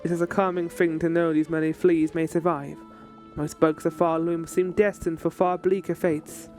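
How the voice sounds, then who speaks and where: A man voicing a calm, stoic young woman warrior in a measured, grave tone, lower than his own talk. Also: soft background music, lightly acted.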